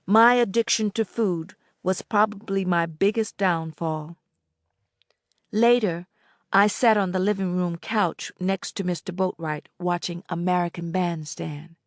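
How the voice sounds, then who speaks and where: Gravelly woman narrating an audiobook. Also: fairly low pitch, steady tone, unhurried, dry recording, clean studio sound. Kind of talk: first-person audiobook narration.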